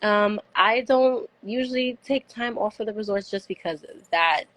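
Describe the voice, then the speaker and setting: A woman's voice: medium pitch, moderate pace, fairly bright tone, no echo, rough recording. A woman giving travel tips in casual chat on a live show. She talks chattily, filling her talk with "like" and acting out the people she quotes.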